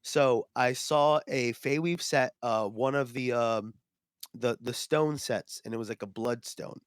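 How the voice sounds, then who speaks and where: A man co-hosting a podcast, telling stories in a rambling, animated way with lots of fillers. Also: mid-range voice, a little slow, clean tone, no room sound, studio quality. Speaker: podcast co-host. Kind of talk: casual chat.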